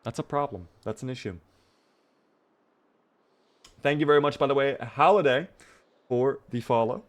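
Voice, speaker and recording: A tired, yawning young man streams a survival game, chatting casually and thanking viewers by name. His voice is mid-range at normal speed, in the style of casual live-stream commentary.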